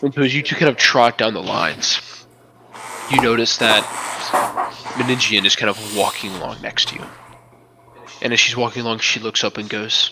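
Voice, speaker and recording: A man narrates a tabletop battle as game master, with a bright, forceful edge to his voice. His pitch sits a little low. He tells the story dramatically and often drops to a hush. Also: normal speed, long pauses, slight background noise, rough recording.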